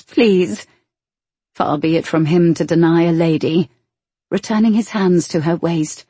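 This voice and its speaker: A woman narrating a romance audiobook in a slow, sensual manner. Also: lowish voice, warm tone, slightly rough, no room sound.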